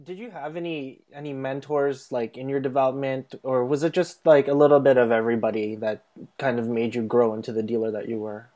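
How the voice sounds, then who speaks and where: A man's voice: medium pitch, brisk. A man hosting an interview, casually asking a guest questions. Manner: relaxed, reads out viewer questions. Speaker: host.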